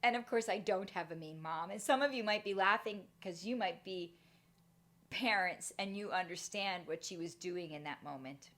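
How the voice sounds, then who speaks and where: Speaking at normal speed in a lowish voice, a middle-aged motivational speaker from Canada shares a personal story. She's animated throughout and performs the different voices in her tale.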